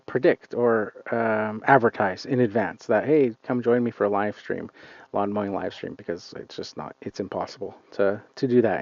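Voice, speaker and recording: A man's voice: mid-range voice, darkish tone, dry recording. Man streaming from a lawn, casual rambling chat, lots of ums, dry close sound, dull lo-fi phone audio. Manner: rambling, hesitant, many fillers. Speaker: lawn care channel host. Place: outdoors on a client's lawn.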